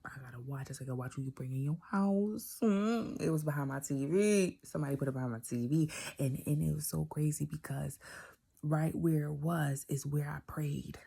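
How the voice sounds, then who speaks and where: A woman telling a personal faith story in a casual, animated way, repeating phrases and dropping into whispers for emphasis. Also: deep voice, normal speed, gravelly, slightly rough. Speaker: vlogger telling a personal testimony.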